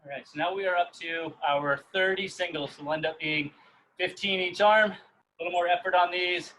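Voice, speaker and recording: A man coaching a live swim-band workout, explaining each set calmly and counting reps aloud. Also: high-pitched, brisk, slight background noise. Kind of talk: guiding a live workout session.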